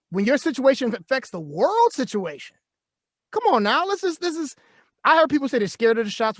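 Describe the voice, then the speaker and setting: A man with a notably high voice co-hosts a live chat show. He rants with animated energy and laughs often. The sound is close and dry, with no room around him. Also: dry recording. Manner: animated and ranting, quick to laugh. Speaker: co-host.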